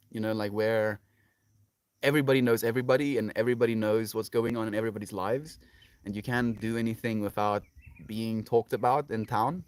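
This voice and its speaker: A South African man livestreaming from his farm garden, reading out viewer comments in relaxed, rambling casual chat. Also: mid-range voice, no echo. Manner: relaxed, chatty, many fillers like "like" and "you know". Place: home on a farm, outdoors in a garden.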